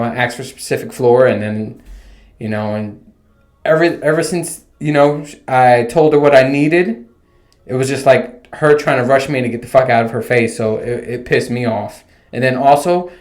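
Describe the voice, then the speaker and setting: A man's voice: medium pitch, normal speed. Profane, rambling man in an echoey room. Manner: animated, profane, rambling storytelling. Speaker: podcast host. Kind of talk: casual solo podcast rant. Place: home room with bare walls.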